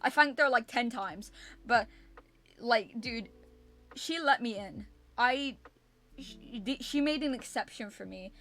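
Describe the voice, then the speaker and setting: A young woman streamer casually telling a story to her chat at a home setup, animated and repetitive, swearing freely. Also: fairly high pitch, slow pace, pauses often.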